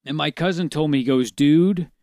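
Male podcast host, animated swooping voice, slightly high, rambling and swearing, dry sound. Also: normal speed, no echo. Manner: profane, excitable, rambling. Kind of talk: casual chat.

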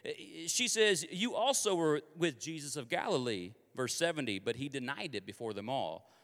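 A man from Kansas preaching a sermon in a lively, conversational and confessional way, with a long hall reverb on his voice. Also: mid-range voice, normal speed.

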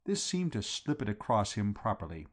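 A man hosting a podcast, reading a comic novel aloud with wry, animated storytelling. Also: fairly low pitch, moderate pace.

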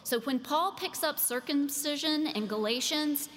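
Slow-preaching woman in an echoing hall. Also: sits high, fairly bright tone. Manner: slow, deliberate delivery with emphatic pauses. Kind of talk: sermon. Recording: long reverb of a large hall.

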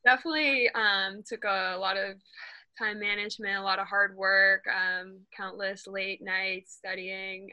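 A young woman student athlete answers interview questions. Her voice is strikingly bright and sharp. She sounds upbeat and fills her pauses with ums. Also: mid-range voice, level tone, low-quality recording. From Northern Virginia. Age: young adult.

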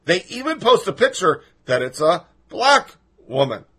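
A man's voice: high-pitched, big pitch swings, a little slow, fairly bright tone, slightly rough. A man hosting a podcast, ranting through political commentary in a sarcastic, profane and mocking way. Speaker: podcast host.

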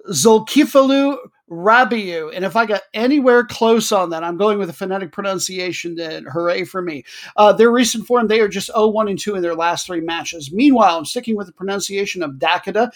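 Podcast host, male, higher register, wry chatty delivery for soccer rundowns. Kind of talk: casual football commentary.

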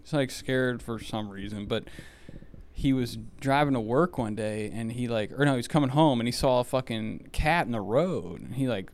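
A young man at a medium pitch co-hosts a casual podcast chat. He tells long, winding stories full of swearing and filler words. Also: normal speed. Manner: rambling, profane storyteller, heavy on filler words. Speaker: podcast co-host.

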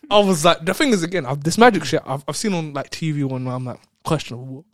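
An excitable man tells a story in casual chat, laughing often and tripping over repeated words. His voice sits a little high. The sound is close and dry. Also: brisk, no echo.

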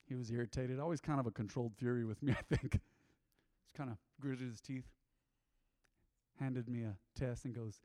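A man preaching a sermon in a church, animated and emphatic, acting out quotes. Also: medium pitch, measured pace, pauses often, no room sound, clean studio sound, long reverb tail. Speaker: pastor.

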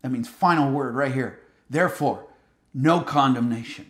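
A man's voice: mid-range voice, moderate pace. A male pastor preaching a sermon, earnestly exhorting his listeners and often calling them loved ones. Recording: roomy echo.

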